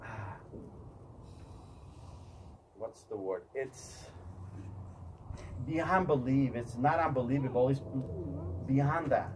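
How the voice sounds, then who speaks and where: A man's voice: medium pitch, takes it slowly, pauses often. Man giving a pushy motivational faith talk, far from the mic, noisy room. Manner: emphatic, repetitive, questions the audience. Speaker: motivational speaker.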